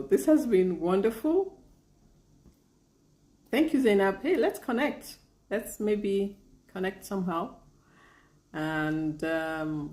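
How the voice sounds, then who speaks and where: A woman chatting casually on a live stream, reading viewer comments, laughing often and trying out halting Arabic phrases. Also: on the low side, mellow, reverberant. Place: lives in Bahrain.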